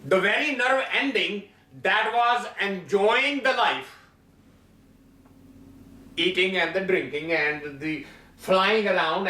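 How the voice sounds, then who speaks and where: A mocking, weary skeleton of a bird, as a man puts it on while telling a story, voiced high and bright. It laughs at fools, then turns remorseful. The sound is echoey and set back from the mic. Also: exaggerated voice. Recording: echoey room from far off.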